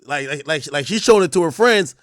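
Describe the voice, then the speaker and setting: High, lively-voiced male streamer. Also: a little fast, dry recording, clean studio sound. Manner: animated, crude storytelling that acts out dialogue; breaks into loud shouting bursts. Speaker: live streamer. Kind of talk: casual livestream commentary.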